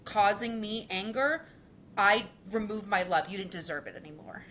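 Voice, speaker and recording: A woman speaking candidly as a guest on a podcast interview, expressive and quick to laugh. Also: medium pitch, a little hiss or hum. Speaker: guest, keynote speaker and author.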